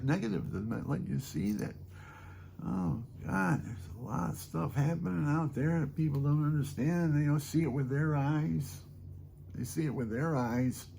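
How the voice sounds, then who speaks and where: An older man rambling off the cuff, talking low and softly and chuckling often. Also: creaky, a little hiss or hum. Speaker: vlogger and hobby guitarist.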